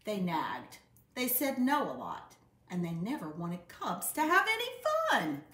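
Give me a woman reading a picture book aloud, slow and lively in pitch, in a roomy, echoing space. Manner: expressive, unhurried storytelling. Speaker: storybook reader. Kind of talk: children's read-aloud. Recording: roomy echo.

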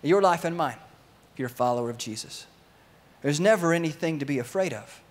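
A man delivers a sermon with animated, story-driven energy, his voice sitting a little higher than most. He leans in and out of the story, slipping into the voices of its characters before coming back to speak straight to his congregation. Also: fairly quick. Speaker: pastor.

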